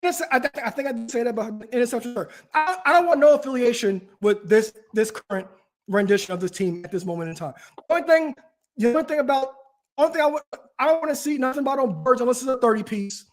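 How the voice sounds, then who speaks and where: A man's voice: very high voice, expressive, fast talker. A man hosting a casual talk show, ranting animatedly with frequent restarts. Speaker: podcast host. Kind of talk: casual chat.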